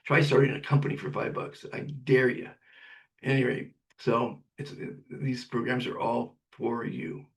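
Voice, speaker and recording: An older man hosts a podcast in a motivational monologue. His voice is gravelly, set at a middling pitch. He talks in an upbeat, preachy way and keeps coming back to the same slogans. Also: flat delivery, a little slow. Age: 70s. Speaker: podcast host.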